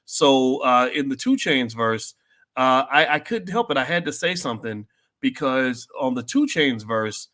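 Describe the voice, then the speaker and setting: A man hosting a commentary show, talking bluntly and directly to his audience, with many restarts and loud, high-pitched outbursts when worked up. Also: lively intonation, normal speed. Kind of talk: opinionated commentary to an online audience.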